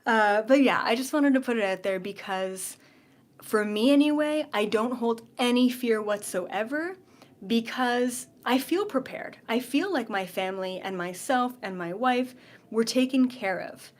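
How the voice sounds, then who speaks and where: A woman with a Canadian accent hosting her own vlog, chatting casually to viewers with frequent ums and a relaxed, confiding tone. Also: on the high side, measured pace. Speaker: channel host. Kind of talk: casual direct-to-camera vlog.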